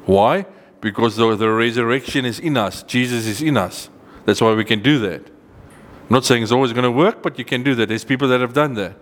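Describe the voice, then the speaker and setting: An earnest male preacher, his voice echoing with reverb, delivers a sermon that includes scripture reading. He speaks emphatically, his pitch rising on key points, and slows down when reading verses.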